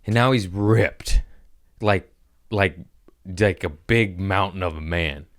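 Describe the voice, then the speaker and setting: Low-voiced, profane joking podcast host. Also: male voice, takes it slowly, a bit bright, dry recording, clean studio sound. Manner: profane, rambling, jokey. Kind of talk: casual comedic podcast chat. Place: podcast room.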